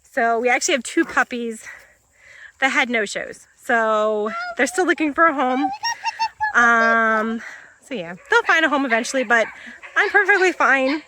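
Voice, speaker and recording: A woman's voice: expressive, measured pace, noisy background. A woman vlogging casually on her farm as she moves animals, talking into a phone outdoors and chatting along. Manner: chatty, switches to high baby-talk with animals. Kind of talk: casual vlog narration while doing farm chores. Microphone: phone held while walking.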